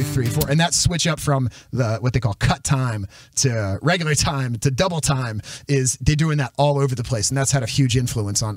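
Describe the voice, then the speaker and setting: A man hosting a casual podcast chat, talking loosely with fillers and asking questions. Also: mid-range voice. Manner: chatty, sings lines to illustrate. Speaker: podcast host.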